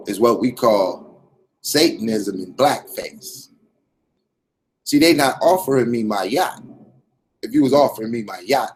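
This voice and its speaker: Male host, deeper side, streetwise and swaggering, lays it out bluntly like a sermon. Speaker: commentary channel host. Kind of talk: profane streetwise commentary monologue.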